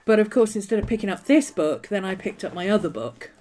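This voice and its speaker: Chatting in a meandering way on her journaling vlog, this woman keeps starting over and is bothered by a persistent cough. She speaks quickly and animatedly in a mellow, mid-range voice.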